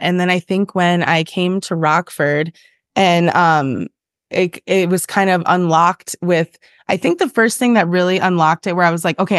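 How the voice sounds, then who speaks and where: Woman in her thirties, podcast guest, earnest, filler-heavy, low voice, dry sound. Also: no room sound. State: briefly emotional. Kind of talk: casual interview chat.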